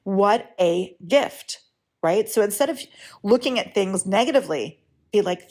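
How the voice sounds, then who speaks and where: A woman's voice: mid-range voice, lively intonation, measured pace, darkish tone. Chatty woman podcast host, frank. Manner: chatty, keeps checking in with "right?"; frank, lightly profane. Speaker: writing coach and podcast host. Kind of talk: casual solo podcast talk.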